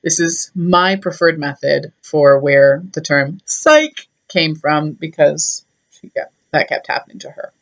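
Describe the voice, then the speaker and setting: A woman's voice: low-pitched, lively intonation, measured pace. A young woman retelling a myth in a chatty, irreverent way, with many fillers. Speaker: storyteller.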